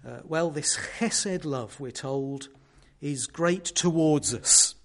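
Earnest male preacher, slightly high voice. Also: takes it slowly. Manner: earnest teaching, explaining a word and telling a story. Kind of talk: sermon.

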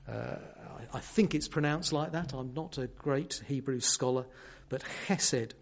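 A man preaching a sermon, earnestly explaining a word and telling a story to make his point. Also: medium pitch.

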